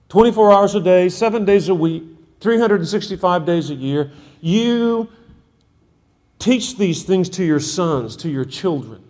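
Emphatic preacher in a reverberant hall. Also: male voice, high-pitched, expressive, a little slow, darkish tone. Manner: emphatic, repetitive exhortation. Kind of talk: sermon.

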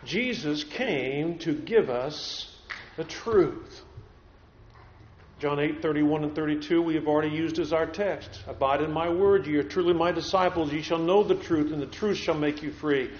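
Casting: earnest preacher, man, slightly high voice, roomy church sound on a dull lo-fi recording. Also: normal speed, slight background noise. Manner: earnest, repeats words as he builds points. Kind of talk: sermon. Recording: echoey room, dull lo-fi sound.

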